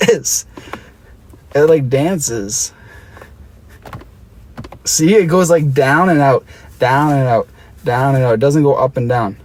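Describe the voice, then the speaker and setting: A man's voice: mid-range voice, darkish tone, slight background noise. Aussie guy livestreaming from his car. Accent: Australian. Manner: playful, chatty, reads and answers chat. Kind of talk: casual live-stream chat.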